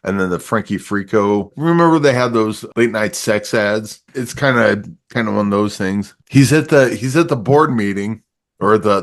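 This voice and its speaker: A man reviewing a movie in casual chat, rambling and laughing often as he acts out scenes. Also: lowish voice.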